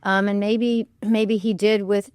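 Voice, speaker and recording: A woman's voice: mid-range voice, level tone, a little slow, clean tone, no echo. Thoughtful woman historian, dry studio voice. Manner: thoughtful, candid, hedging with "I think". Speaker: historian and author as guest. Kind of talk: public radio interview. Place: radio studio.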